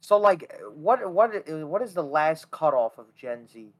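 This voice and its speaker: A young man with a somewhat high voice chats casually on a podcast. He swears freely and keeps tagging his lines with "bro" and "right?". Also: big pitch swings, unhurried, poor audio. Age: young adult. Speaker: podcast co-host. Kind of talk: casual chat.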